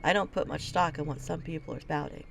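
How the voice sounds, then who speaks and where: A woman's voice: low-pitched, fast, vocal fry, slight background noise. A woman reading the part of a weary, blunt male gate captain in a fantasy video game, speaking in a curt and dismissive way. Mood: gruff.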